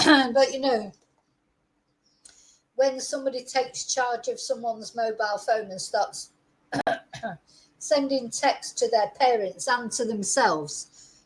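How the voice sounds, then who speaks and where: Chatty opinionated woman, slightly high voice. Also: poor audio. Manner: opinionated, sarcastic, chatty with many fillers. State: slight frog in throat, clearing throat. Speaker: true crime commentator. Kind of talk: casual commentary to camera.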